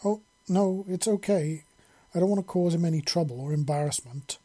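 A man voicing a grown woman, a kind and earnest mother who speaks gently. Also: on the high side, brisk, voice pushed up, lightly acted. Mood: flustered.

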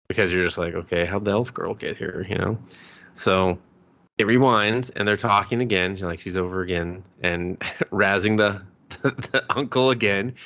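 Male podcast co-host, lowish voice, rambling giddy recap style with lots of cursing. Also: highs cut off. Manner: excited, rambling, swears a lot, laughs often. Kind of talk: casual chat recapping an anime.

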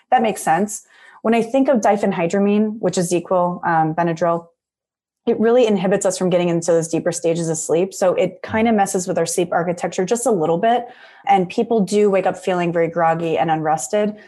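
A woman guesting on a podcast as a sleep expert, chatty and animated, filling her speech with "like". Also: fairly low pitch, fairly quick. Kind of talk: casual podcast chat.

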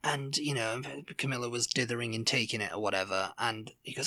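A man co-hosting a podcast in casual chat, telling a story in an animated way and acting out the quotes. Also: mid-range voice, a little fast. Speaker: podcast co-host.

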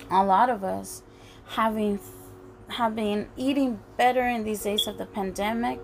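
A woman preacher delivers a sermon at an unhurried pace, her voice sitting a little high. She talks earnestly and haltingly, circling back to restart her phrases. Soft music plays faintly beneath her.

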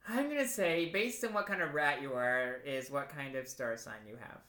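A man's voice: medium pitch, normal speed, sharp tone. A man co-hosting a comedy podcast, answering a quiz with teasing, offbeat jokes. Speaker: podcast co-host, quiz taker. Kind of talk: casual comedic chat. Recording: roomy echo.

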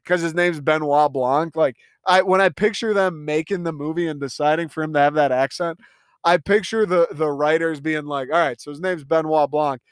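A man's voice: fairly high pitch, moderate pace, clear, resonant tone, no echo, clean studio sound. A young man talking through a casual movie review, enthusiastic and rambling, swearing freely.

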